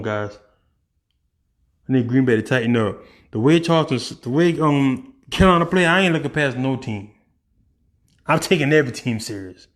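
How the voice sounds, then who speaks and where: Man, casual sports rant, opinionated, mid-pitch voice, bursts of speed. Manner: animated, opinionated, swings from fast to drawn-out. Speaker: sports vlogger.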